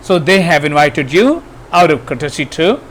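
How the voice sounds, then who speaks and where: A man's voice: on the high side, sing-song, normal speed, a little hiss or hum. A man teaching grammar, hesitant, with many fillers and restarts. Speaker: English teacher. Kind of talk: grammar lesson.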